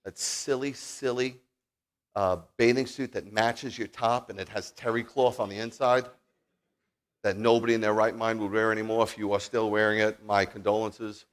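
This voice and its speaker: Animated man preaching, loud then hushed. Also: on the low side, normal speed. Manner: animated, swings from loud declaring to near-murmured asides; folksy, joking, talks straight to the congregation. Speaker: congregation leader preaching. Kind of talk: sermon with personal storytelling. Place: Shabbat service in a congregation.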